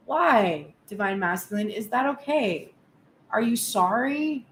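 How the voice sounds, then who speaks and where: Frank, animated female tarot reader, casual delivery with the odd swear, slightly high voice, roomy sound. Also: takes it slowly, a little hiss or hum. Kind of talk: casual spoken tarot reading.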